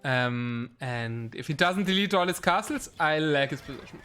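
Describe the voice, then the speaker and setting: A high-pitched man with a bright, sharp voice casts a live esports match. He gets excitable and rambles along with frequent ums between calls. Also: moderate pace, faint music behind. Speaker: game caster.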